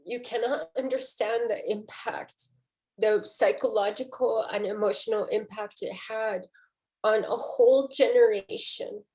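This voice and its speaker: A woman poet in a book conversation, speaking emotionally and haltingly, with many restarts. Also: a little high, steady tone, darkish tone. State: tearful.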